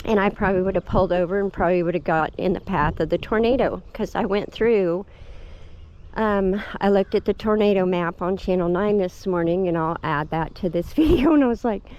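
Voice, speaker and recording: A woman's voice: mid-range voice, a little mellow. A middle-aged woman, telling a story in a casual, chatty vlog, laughing often and getting emotional. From Oklahoma. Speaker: homestead vlogger. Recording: dull lo-fi with faint background noise.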